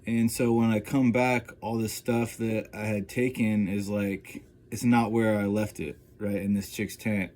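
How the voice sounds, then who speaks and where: A man with a somewhat low voice tells a story from his own life in a loose, rambling vlog style. He leans on fillers and keeps tossing in quick check-ins to the listener. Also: little pitch movement, a little mellow. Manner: rambling, filler-heavy, keeps checking in with "right?" and "you know?". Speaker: vlogger. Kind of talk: casual first-person storytelling.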